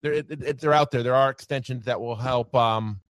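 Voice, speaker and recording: A man appearing as a podcast guest, talking in an animated casual way, laughing often and tagging sentences with "right" and "you know". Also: mid-range voice, normal speed, no room sound, studio quality. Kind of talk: casual chat.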